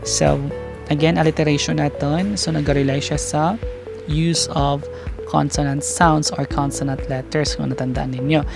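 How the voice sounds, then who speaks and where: A teacher with a Filipino accent giving a lecture, mixing English with Hiligaynon, explaining slowly, repeating terms and checking in with "okay?". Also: mid-range voice, little pitch movement, creaky, over music.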